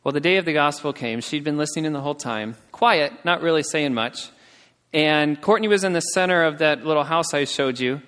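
A man's voice: fairly quick, fairly bright tone. A man telling a missionary story in a sermon, growing emotional and acting out the people he quotes. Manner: emotional storytelling, acts out quotes with raised pitch. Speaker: missionary speaker. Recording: long reverb of a large hall.

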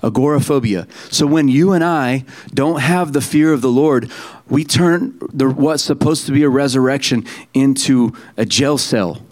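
A middle-aged man preaching a sermon in an easy, chatty manner. His voice sits at an ordinary pitch. He breaks off, restarts and tosses asides to the congregation as he goes. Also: moderate pace, darkish tone. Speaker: pastor.

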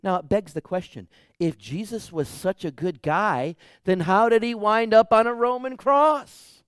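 A man preaches a sermon with a slightly high voice. He drives his points hard, then drops to a hushed tone. The recording is dry and close. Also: measured pace, smooth, no room sound. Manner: emphatic preaching, swings from loud to hushed. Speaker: pastor.

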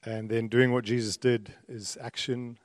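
A middle-aged man with a South African accent softened by his years in Australia, preaching a sermon in a conversational way with joking asides, building intensity when he reads scripture. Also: mid-range voice, little pitch movement, a little slow, clean studio sound. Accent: South African, softened by long years in Australia. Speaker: pastor. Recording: long reverb of a church hall.

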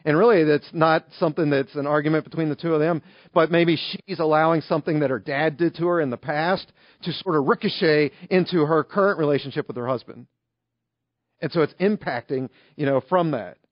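A man delivers a sermon in an easygoing, conversational style, leaning on everyday stories. His voice sits high for a man. The recording is dry and a little dull, with no room sound. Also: brisk, dry recording. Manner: conversational, illustrative storytelling. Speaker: pastor.

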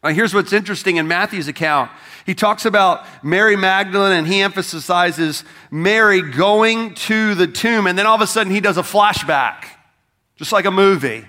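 A man's voice: sits high, normal speed, bright, forceful tone. A pastor preaching an Easter sermon to his congregation in a conversational, emphatic way, speaking straight to them. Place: church service.

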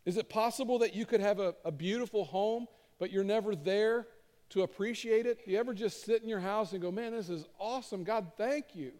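A middle-aged man delivers a sermon from a church stage, earnest and conversational, leaning on repeated phrases. His voice is mellow and dark in tone yet pitched slightly high. The sound carries a long reverb from the large room. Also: a little fast. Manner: conversational, earnest, emphatic repetition. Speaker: pastor.

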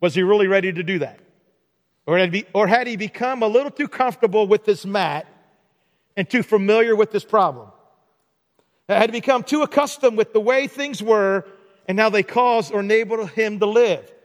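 A man preaching a sermon in a church, animated and acting out mock dialogues for laughs. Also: high-pitched, moderate pace. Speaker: pastor. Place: church sanctuary. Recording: long hall reverb.

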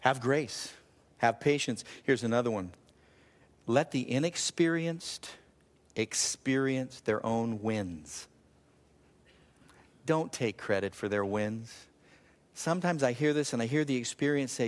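A man preaching a sermon as a pastor, voice climbing high for emphasis, laughing at himself now and then. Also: animated, a little slow, long pauses. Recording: long reverb of a large hall.

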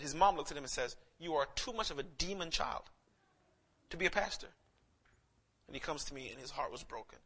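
A young adult man from Saint Lucia, a pastor preaching and telling personal stories, swelling to near-shouts and dropping soft again. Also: fairly high pitch. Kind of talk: sermon with personal storytelling.

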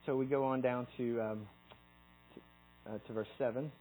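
A man's voice: medium pitch, steady tone, moderate pace, mellow, a little hiss or hum, rough recording. A middle-aged man giving a conversational sermon, often restarting his sentences and reading scripture aloud. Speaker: preacher.

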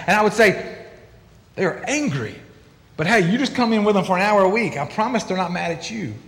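A middle-aged pastor with a high voice preaches emphatically, jumping into acted-out quotes. His voice rings through a large church hall with long reverb. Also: fairly bright tone. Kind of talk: sermon.

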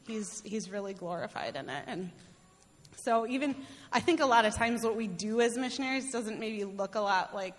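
A middle-aged woman speaks casually about her mission work in an even, mid-pitched voice. She laughs often, trips over her words and fills pauses with "um" and "like". Her voice rings out in a hall with a long reverb tail. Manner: chatty, laughs often, many fillers and restarts. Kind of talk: casual testimony.

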